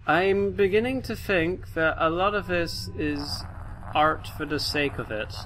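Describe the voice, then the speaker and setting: Slow-talking bright-voiced young man. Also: a little high, slight background noise. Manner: chatty, startled, talks to game figures. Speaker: gamer. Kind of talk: let's play commentary. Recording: faint piano music behind.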